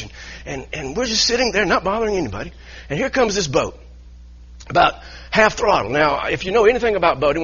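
High, bright pastor telling a story. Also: male voice, breathy edge. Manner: animated, laughing asides, grows heated in retelling. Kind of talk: storytelling sermon. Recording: dull lo-fi sound.

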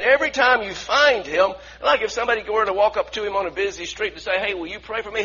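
A man preaching a sermon, swinging from loud, emphatic bursts to quiet, intense passages. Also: high voice, husky. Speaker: pastor. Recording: slightly dull lo-fi sound.

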